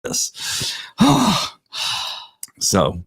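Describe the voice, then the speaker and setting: Brief: middle-aged male host, loose joking banter, animated pitch. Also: drawn-out words, vocal fry, husky. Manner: jokey, laughing, rambling with restarts. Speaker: podcast host. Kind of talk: casual banter.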